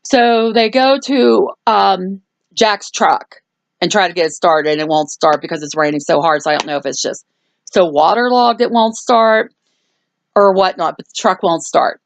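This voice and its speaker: Creaky-voiced woman recapping a movie. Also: on the low side, normal speed, dry recording. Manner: rambling plot recap with fillers. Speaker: movie review host. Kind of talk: casual chat.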